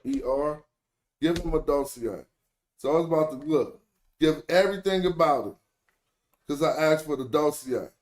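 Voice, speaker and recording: In a casual online screen-share tutorial, the host talks to his viewers loosely and with lots of slang, often stopping to correct himself mid-sentence. His pitch is fairly high, though his tone is darkish.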